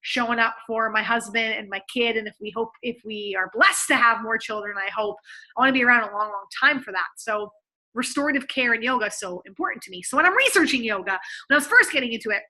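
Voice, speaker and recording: A woman in her thirties with a high, bright voice teaches her listeners how to write. She talks with energy and keeps it conversational, slipping into little voices for the readers she quotes. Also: fast, poor audio. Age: 30s. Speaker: copywriting coach. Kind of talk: lively teaching to camera.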